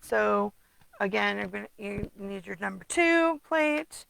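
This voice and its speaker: A woman's voice: mid-range voice, animated, unhurried, creaky, fairly bright tone, no echo, low-quality recording. A woman casually demonstrating card making at her desk, chatty, humming to herself and muttering asides. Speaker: craft demonstrator.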